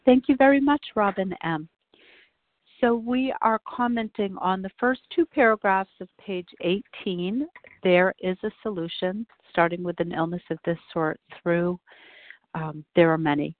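A woman chairing a call-in meeting, brisk and polite as she calls on speakers. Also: mid-range voice, dry recording. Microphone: phone call-in. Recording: dry tinny phone line.

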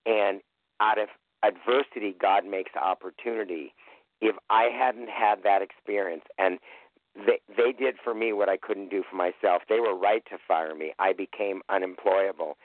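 Deep-voiced man sharing by phone. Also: fairly even intonation, normal speed, dry recording. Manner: emotional, candid storytelling. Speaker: meeting member sharing. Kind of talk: personal recovery share. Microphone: phone call. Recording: tinny phone line.

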